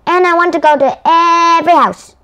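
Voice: very high-pitched, normal speed, bright, forceful tone, muffled recording, pitched above the performer's own voice. A woman reading the lines of a bossy, eager little girl, in an insistent way, from a picture book.

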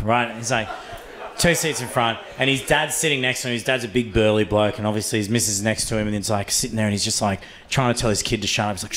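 A young Australian man doing stand-up, telling a story in a casual, sweary, excitable way. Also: fairly low pitch, quick pace, a little hiss or hum. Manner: excitable, sweary, animated with laughs. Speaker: stand-up comedian.

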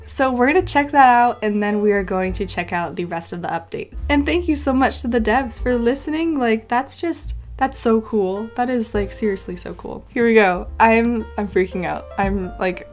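A woman streaming her game, bubbly and excitable, gasping and squealing as she talks through it. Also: a little high, normal speed, soft background music. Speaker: gaming YouTuber. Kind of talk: excited gameplay commentary. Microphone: desk microphone.

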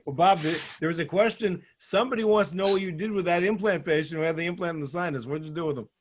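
A male host with a slightly raised voice steers a webinar discussion, nudging his guest back to the point. He sounds relaxed and chatty on a video call. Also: high-pitched, rapid-fire, slight background noise. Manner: prodding, laughing along. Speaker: host and periodontist. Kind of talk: moderating a webinar.

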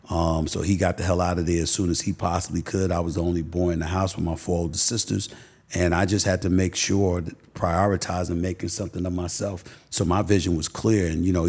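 Middle-aged New guest, emphatic storyteller, very low husky voice. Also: male voice, a little mellow. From Queens, New York. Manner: emphatic, repeats phrases for stress. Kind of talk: candid personal storytelling.

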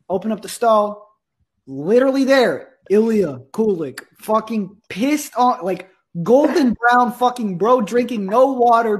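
A young man from Russia telling a profane, comic story about school in a deadpan way, acting out the people in it. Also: high voice, breathy edge. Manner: profane, deadpan, animated quoting. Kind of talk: comedic storytelling.

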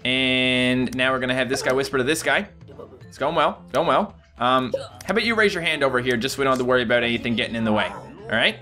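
A man giving casual gameplay commentary, excitable and jumping to high yelps when things go wrong. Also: fast talker, soft background music. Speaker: gaming YouTuber.

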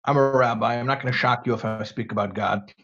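Man, 50s, rabbi, lecture with questions, husky voice, asks and answers his own questions, muffled lo-fi audio. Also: mid-range voice, fairly even intonation, quick pace, a bit bright. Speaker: rabbi giving a talk to students. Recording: dull lo-fi sound.

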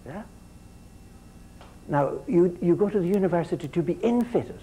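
A man gives a university lecture in a mellow, dark voice. He often stumbles and repeats a word before going on, and he keeps turning to the students with questions. A faint hiss sits under the recording. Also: high-pitched, expressive, moderate pace, long pauses, rough recording. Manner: repeats words as he restarts and quizzes the class.

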